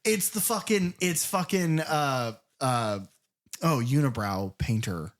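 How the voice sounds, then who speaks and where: Animated, profane podcast co-host. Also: male voice, slow. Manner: animated, profane, acts out characters in high voices. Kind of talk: casual film discussion.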